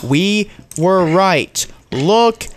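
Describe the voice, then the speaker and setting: A young man co-hosting a casual sports podcast, excitable and swearing freely. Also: extremely slow. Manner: excitable, swears a lot, pitch jumps. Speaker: podcast co-host.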